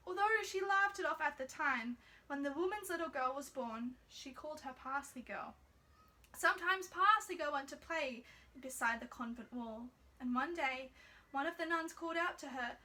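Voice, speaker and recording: Woman reading a fairy tale out loud, really high bright voice, soft and measured. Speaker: storyteller.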